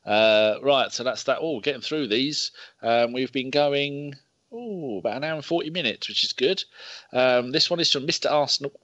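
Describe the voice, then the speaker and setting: A man's voice: mid-range voice, normal speed, fairly bright tone, no echo, highs cut off. A man hosting a casual podcast chat, bantering, swearing and laughing as he reads out questions. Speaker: podcast host.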